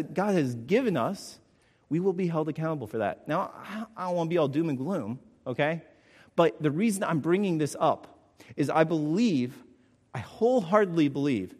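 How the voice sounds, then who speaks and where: A man's voice: a little high, darkish tone, big-room sound. A man preaching a sermon, emphatic, repeating his points and checking in with the congregation. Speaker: pastor.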